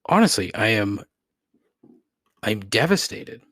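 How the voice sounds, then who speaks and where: Exasperated swearing man, husky and dry. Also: fairly low pitch, big pitch swings, takes it slowly, a bit bright, no echo. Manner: frustrated, swearing, self-deprecating with rueful laughs. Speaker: podcast host. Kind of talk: solo podcast rant.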